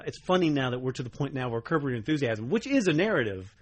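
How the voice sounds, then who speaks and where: A young adult man co-hosting a podcast in casual chat, telling animated stories and slipping into quoted voices. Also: mid-range voice, fast talker. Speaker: podcast co-host.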